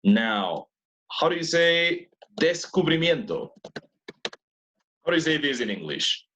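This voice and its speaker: A man leads an English lesson over a video call. His voice rises and falls a lot, which keeps it lively. He patiently repeats each question until a student answers. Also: a little high, a little slow, rough recording. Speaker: English teacher. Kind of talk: online class teaching.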